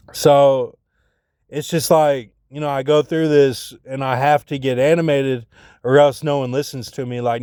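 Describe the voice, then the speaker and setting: Rambling man, clear and dry. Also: medium pitch, darkish tone, no echo. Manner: rambling, filler-heavy, full of "like" and restarts; retells arguments in an agitated, rising voice. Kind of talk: rambling personal monologue.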